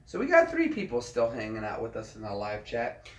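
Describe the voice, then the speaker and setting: A man's voice: mid-range voice, huge pitch swings, fairly quick, a little hiss or hum. A man hosting a late-night live stream from home, chatting casually and talking straight to his viewers. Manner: chatty, addresses viewers directly. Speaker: livestream host. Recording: roomy echo, away from mic.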